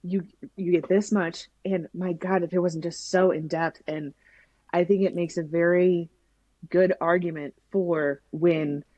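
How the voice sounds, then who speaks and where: Enthusiastic, mellow-voiced woman guest. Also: on the low side, a little slow, dry recording, lo-fi sound. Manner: enthusiastic, expressive storyteller. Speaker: podcast guest. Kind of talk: casual conversation.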